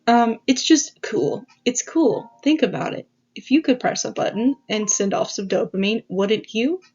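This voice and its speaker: Casual woman host explaining slides, rambling asides, dull muffled recording, slightly high voice. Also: expressive, a little slow, darkish tone, slightly rough. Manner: rambling, self-aware, swearing asides. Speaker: video essay host. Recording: dull lo-fi audio.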